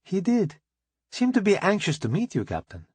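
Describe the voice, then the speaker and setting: A man voicing a calm, friendly woman in an audiobook, speaking in a relaxed, matter-of-fact way. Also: high-pitched, normal speed, breathy edge, dry recording, voice pushed up, heavily acted.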